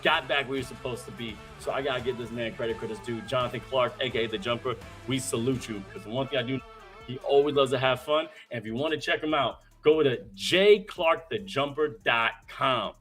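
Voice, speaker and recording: A man hosting a live-streamed talk show, hyped and slangy, full of shout-outs, with faint music behind him. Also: medium pitch, fairly quick. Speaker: host.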